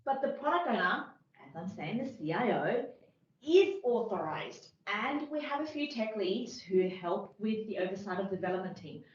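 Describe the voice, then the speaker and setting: A woman with a medium-pitched, sing-song voice speaks at a moderate pace, lightly acted, in an amateur workplace role-play over a video call. She plays a defensive agile team lead firmly explaining her team's methods. The recording is very echoey and dull, lo-fi, with a distant mic.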